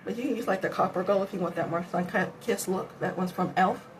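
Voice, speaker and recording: This woman speaks quickly in a lowish voice, chatting and rambling to herself as she applies makeup at home for her beauty vlog. She sounds worn out and breathes heavily, and the low-quality audio carries a little background noise.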